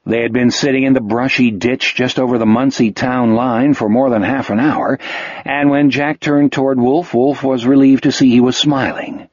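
A man reading an audiobook novel in a measured storytelling manner. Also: mid-range voice, fairly even intonation, dry recording, dull audio. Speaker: audiobook narrator. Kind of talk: scripted narration.

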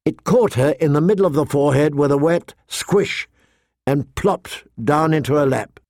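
A man's voice: fairly high pitch, no room sound, clean studio sound. Man narrating an audiobook. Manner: measured, expressive storytelling. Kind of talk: audiobook reading.

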